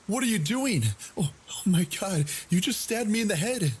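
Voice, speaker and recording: A terrified woman cries out in a high, strained voice, as a deep-voiced male narrator puts her on. She is panicked and bleeding, pitched far above the reader's usual register. Soft rain patters behind. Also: normal speed, slight background noise, close to an everyday voice. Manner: high-pitched frantic crying out.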